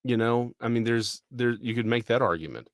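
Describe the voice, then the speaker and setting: A man's voice: mid-range voice, a little fast, clean tone, no echo, studio quality. A man from Texas co-hosting a podcast, talking things through in a thoughtful, rambling way. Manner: thoughtful, rambling, full of restarts. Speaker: podcast co-host. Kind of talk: casual discussion.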